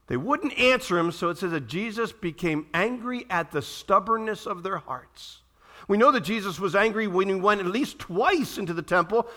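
A man preaching a sermon to a congregation in a church room, animated and posing questions to his listeners. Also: sits high, normal speed. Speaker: pastor.

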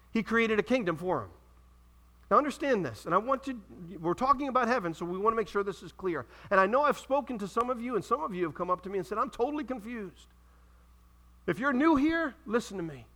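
A man preaching a sermon in a church, reading scripture aloud and calling out questions to the congregation with dramatic pauses. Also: high-pitched, sing-song, pushed and bright. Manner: preaching with dramatic pauses and audience call-outs. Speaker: pastor.

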